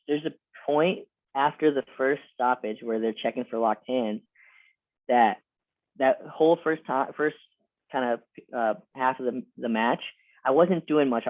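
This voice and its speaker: A man's voice: medium pitch, dry recording. A man in his twenties, a former college wrestler, telling stories in a casual, loose way, repeating words and filling with "like" and "you know.". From Lehigh Valley, Pennsylvania. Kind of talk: casual interview storytelling. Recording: dry, tinny phone-like audio.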